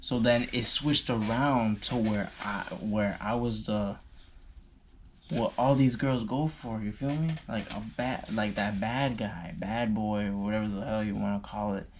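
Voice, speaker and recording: A man's voice: on the low side, fairly even intonation, measured pace, a little hiss or hum. A young man telling a personal story in a loose, slangy way, full of fillers and swearing. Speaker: vlogger. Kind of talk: casual storytime.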